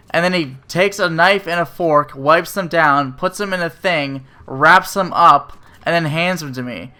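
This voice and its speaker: High-voiced and a bit slow, this man speaks with lively intonation and a sharp edge. He's a restaurant server casually ranting about poor service, swearing, being sarcastic and leaning heavily on fillers.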